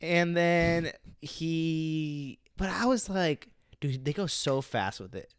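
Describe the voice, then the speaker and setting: A man's voice: a little high, takes it slowly, smooth, dry recording, clean studio sound. Rambling young man telling stories. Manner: rambling storyteller, filler-heavy. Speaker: podcast co-host. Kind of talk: casual chat.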